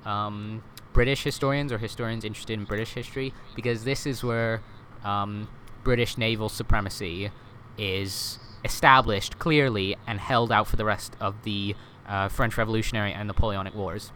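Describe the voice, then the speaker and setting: A man with a lowish voice is a guest on a casual history podcast, explaining the past in relaxed, chatty conversation. He uses lots of fillers and quick self-corrections and keeps checking in with "right?" Faint background noise sits beneath his voice.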